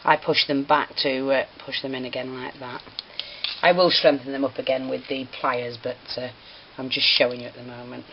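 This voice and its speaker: A woman with a notably low voice talks through a hands-on craft tutorial. Her manner is chatty and apologetic, and she is easily set off giggling. The recording is a little dull, with a faint hiss underneath. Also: level tone, normal speed. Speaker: craft teacher.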